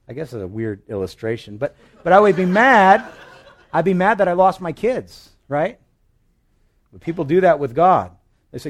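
A pastor preaching a conversational sermon full of vivid illustrations, swinging between loud emphatic phrases and quiet asides. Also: male voice, fairly high pitch, very animated, normal speed.

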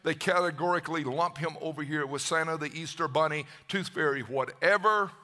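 Bright, forceful fervent preacher. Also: male voice, fairly high pitch, a little fast. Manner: fervent, with repeated stammered restarts. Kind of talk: sermon.

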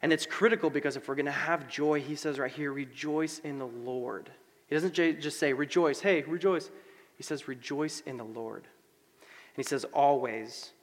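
A man preaching a sermon in a conversational, animated way, with casual asides and fillers. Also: on the high side, normal speed. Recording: long hall reverb.

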